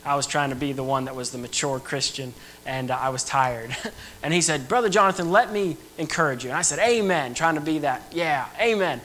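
A man's voice: medium pitch, normal speed, a bit bright, a little hiss or hum, low-quality recording. A young man preaching an earnest, emphatic sermon to a church. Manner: earnest, emphatic preaching with rising and falling intensity.

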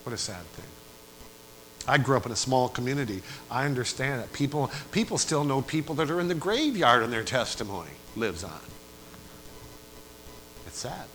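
A man preaching a sermon in a church, swinging between quiet asides and loud rising climaxes, and putting repeated questions to the congregation. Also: mid-range voice, sing-song, moderate pace, long pauses, slight background noise, poor audio.

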